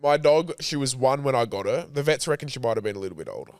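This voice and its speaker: A man's voice: medium pitch, animated, quick pace, dry recording, clean studio sound. A man, a podcast co-host telling an emotional story in casual chat, rambling and swearing freely.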